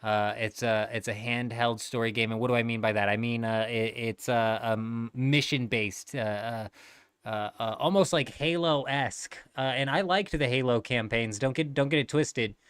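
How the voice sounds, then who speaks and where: A man's voice: medium pitch, moderate pace, a bit bright, smooth, dry recording, clean studio sound. A man in his thirties chatting casually on a gaming livestream, laid-back and rambling, swearing freely.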